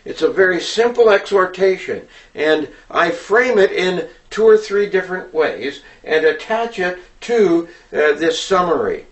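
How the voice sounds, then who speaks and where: A man speaks slowly in a somewhat high voice, giving an instructional talk on preaching. He is deliberate and earnest yet very animated, often pausing with fillers, and the recording sounds distant, as if he stands well back from the microphone.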